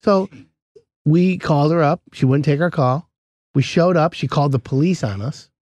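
A man's voice: fairly high pitch, normal speed, no room sound. A man hosting a casual chat, telling a story about a contracting job and acting out the quoted lines. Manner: animated, acts out quoted dialogue. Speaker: podcast host, home contractor.

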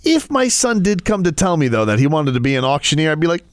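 Lively, joking sports radio host. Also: male voice, fast, very noisy. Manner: animated, joking, jumps around in pitch. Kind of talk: casual sports radio chat.

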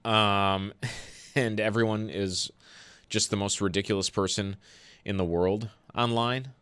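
A man's voice: on the low side, steady tone, measured pace, a bit bright, clean tone. A man hosting a sports call-in radio show, ranting with exasperation and laughing.

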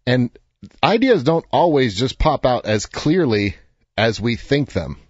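A man's voice: medium pitch, very animated, measured pace, husky, dry recording, muffled recording. A man around fifty, an author giving an earnest, encouraging motivational talk with loose fillers. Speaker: author and speaker. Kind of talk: motivational direct-to-camera talk.

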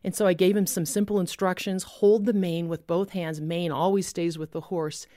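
A woman telling a personal faith story as a guest, earnest, with pauses and restarts. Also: on the low side, fairly even intonation, mellow, no echo, studio quality.

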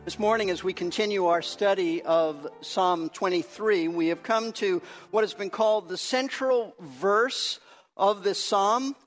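A pastor with a high male voice, preaching an earnest teaching sermon and leaning on key words for emphasis. Faint music sits under his voice. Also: a bit bright.

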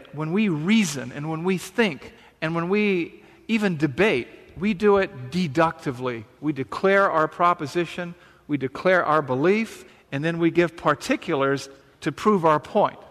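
A man's voice: on the high side, a bit bright. A man preaching a sermon, reading scripture and then explaining it earnestly and emphatically, with frequent rhetorical questions. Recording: reverberant hall sound.

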